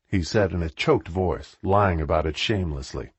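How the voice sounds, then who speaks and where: A man reading an audiobook in a measured, expressive way. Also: low voice, slightly rough, no echo. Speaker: audiobook narrator. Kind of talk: audiobook narration.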